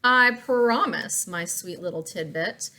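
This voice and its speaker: Woman doing a sly, hungry male fox, slow sugary crooning, storybook read-aloud. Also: mid-range voice, sharp tone.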